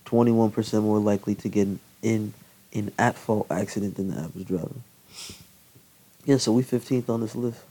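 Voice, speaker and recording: A young man in casual chat, reading figures off a list in a halting way. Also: lowish voice, fairly even intonation, mellow, low-quality recording.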